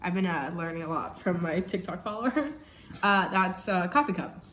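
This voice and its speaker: A woman's voice: on the low side, lively intonation, moderate pace, fairly bright tone, roomy sound, slight background noise. A young woman co-hosting a home vlog, chatting casually with a playful, teasing manner and frequent laughter. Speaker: vlog co-host. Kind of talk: casual chat.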